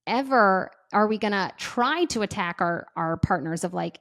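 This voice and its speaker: Woman, thirties, podcast host, chatty, says like a lot, acts out dialogue, mid pitch. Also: animated, normal speed, fairly bright tone. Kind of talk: casual advice podcast.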